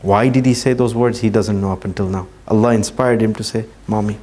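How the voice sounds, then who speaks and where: A man giving a talk to an audience, telling a story at an unhurried pace and dropping his voice to near-quiet at emotional moments. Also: lowish voice, fairly even intonation. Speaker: speaker at a training session.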